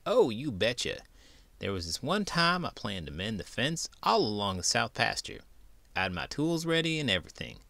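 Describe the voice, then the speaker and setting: A man voicing an easygoing old-time cowboy with a put-on Western drawl and a folksy, unhurried way of telling a yarn. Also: fairly low pitch, very animated, creaky, sharp tone, no room sound, full character voice. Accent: American Western drawl, put on. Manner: folksy drawl, slow storytelling.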